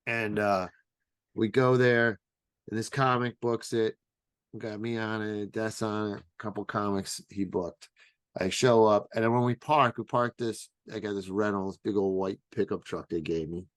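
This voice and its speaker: A man, a stand-up comedian and podcast co-host, telling casual stories, swearing freely and acting out quotes in a loud, high voice. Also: steady tone, normal speed, no room sound, clean studio sound. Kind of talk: casual storytelling chat.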